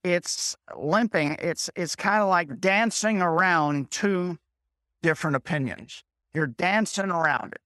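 A man's voice: sits high, pushed and bright, no room sound, studio quality. A man reading a Bible passage aloud and stopping to explain it in plain, everyday words, repeating his points and checking in with "okay?". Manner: reads scripture slowly, stops to explain in plain words. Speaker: preacher.

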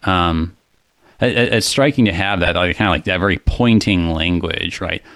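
A man's voice: deep voice, normal speed, a bit bright, no room sound, clean studio sound. A man co-hosting a casual discussion of a psalm, thoughtful and full of fillers and restarts.

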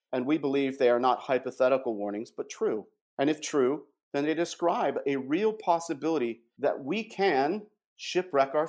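Measured man explaining doctrine. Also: mid-range voice, darkish tone. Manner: measured, emphatic, reads scripture aloud. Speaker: guest presenting doctrine. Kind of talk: explanatory theological talk with read quotations.

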